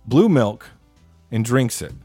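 Male podcast co-host, mid-pitched, argumentative ranter, swears a lot, dry sound. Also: big pitch swings, takes it slowly, warm tone, breathy edge, no room sound, faint music behind. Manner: argumentative, profane rants. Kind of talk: casual heated movie debate.

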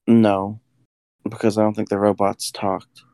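A man's voice: fairly low pitch, flat delivery, measured pace, dark tone, clear, resonant tone, dry recording. A man co-hosting a casual podcast about a movie, chiming in with short, dry remarks. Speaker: podcast co-host.

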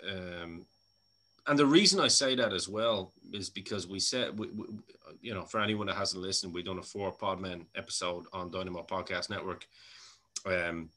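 A man's voice: sits low, moderate pace, sharp tone. An Irish man hosting a podcast interview, chatty and casual, laughing often and swearing freely. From Ireland. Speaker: podcast host.

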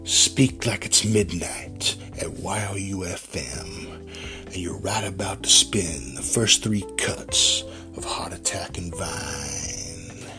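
A man voicing a male vocal coach who croons in a slow, hushed, breathy late-night radio purr. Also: sits low, music in the background, pitched below the performer's own voice. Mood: seductive hush.

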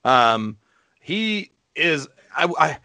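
A man's voice: a little high, sing-song, drawn-out words, pushed and bright, no room sound. Brash, profane man with a dry sound. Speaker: podcast host. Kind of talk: casual banter.

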